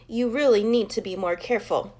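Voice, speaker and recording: A woman voicing a calm, patient schoolteacher in a storybook, gentle but firm. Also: medium pitch, brisk, natural voice.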